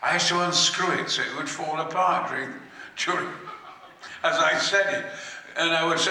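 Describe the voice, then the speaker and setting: On a convention panel, an older male actor tells anecdotes in a booming, theatrical manner full of swearing. His high, forceful voice echoes through a big hall and sounds distant. He speaks at normal speed with frequent pauses.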